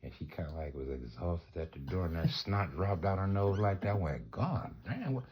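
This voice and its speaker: A man telling a funny story casually, animated, acting out the people in it and breaking into laughter. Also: sits low, brisk, dull audio, a little hiss or hum. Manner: animated, loud laughs, acts out the voices.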